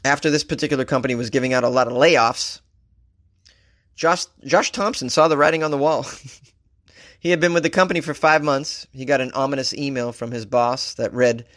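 A man hosting a comedy talk show, telling a story casually, cracking jokes and laughing at his own lines. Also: a little fast. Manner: wisecracking, laughs at his own jokes, animated shifts in pitch. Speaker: comedian podcast host.

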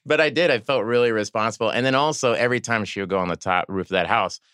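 A man guest on a podcast telling animated stories about filming, acting out the people he quotes. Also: fairly low pitch, fast, clear, resonant tone, dry recording, studio quality. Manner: animated, acts out quoted voices. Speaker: guest actor and director. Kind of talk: casual storytelling chat.

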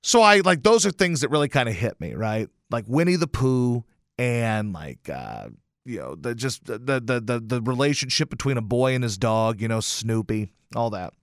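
Male radio host, mid-pitched, dry studio sound, rambling, self-mocking storyteller. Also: lively intonation, moderate pace, dry recording. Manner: rambling, self-deprecating, swearing. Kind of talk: casual storytelling monologue.

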